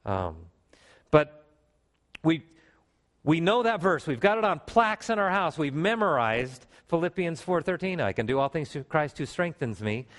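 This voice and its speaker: A man preaching a sermon to a congregation, animated, with emphatic rises and calls for response in a church. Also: on the high side, normal speed. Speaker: pastor.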